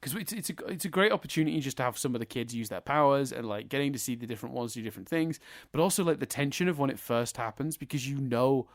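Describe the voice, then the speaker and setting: Co-hosting a film review podcast, a man with a mid-range, expressive voice chats enthusiastically at a quick pace, laughing often and swearing casually. The studio sound is clean, with no echo.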